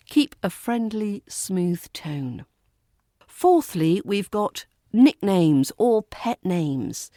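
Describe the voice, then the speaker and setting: A woman with a British accent, hosting a podcast lesson and teaching pronunciation with clear, careful delivery. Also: medium pitch, sing-song, slow pace, warm tone, no echo, clean studio sound. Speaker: accent coach and podcast host. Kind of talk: spoken English lesson.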